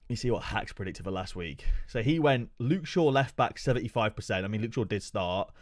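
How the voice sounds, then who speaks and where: A man's voice: on the low side, animated, a little fast. A young man streaming live, chatting casually with his viewers and joking with plenty of swearing. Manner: profane, joking banter with chat. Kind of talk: casual livestream chat.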